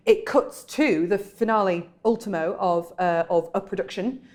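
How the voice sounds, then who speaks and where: A woman co-hosting a casual chat podcast, animated and giggly, breaking into snatches of song, with her mic peaking when she gets loud. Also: medium pitch, normal speed. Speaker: podcast co-host. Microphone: microphone peaking when loud.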